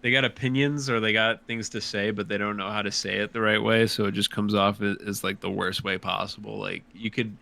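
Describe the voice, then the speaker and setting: A man's voice: fairly low pitch, fairly even intonation, brisk, gravelly, few pauses, pushed and bright. A man chatting casually as a podcast guest, rambling and swearing as he restarts his sentences. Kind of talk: casual chat.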